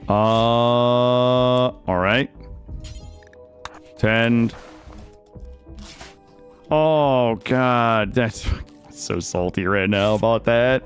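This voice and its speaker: A young man streaming a video game, talking through it live and swinging from muttering to panicked outbursts. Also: on the low side. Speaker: gaming streamer. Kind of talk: live gameplay commentary. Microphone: studio microphone.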